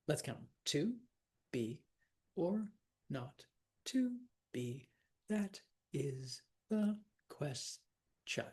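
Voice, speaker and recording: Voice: mid-range voice, darkish tone, breathy edge. A teacher giving a loose, chatty lecture on verse, with asides and fillers, sometimes counting out stresses in sing-song syllables.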